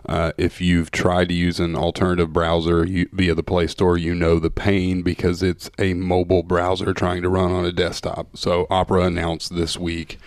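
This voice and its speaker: A man co-hosting a podcast, calmly explaining a new app in casual tech chat. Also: deep voice, moderate pace, hardly any pauses, no room sound. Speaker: podcast co-host.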